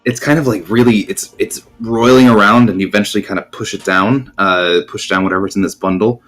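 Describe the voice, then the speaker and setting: A man's voice: on the low side, steady tone, a little fast, a bit bright. A man narrating as game master in a tabletop game, rambling with many ums and restarts.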